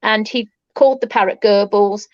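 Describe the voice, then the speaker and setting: A woman on a paranormal chat panel, telling a lively anecdote and repeating phrases as she goes. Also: medium pitch, normal speed, dry recording, highs cut off. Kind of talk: casual chat.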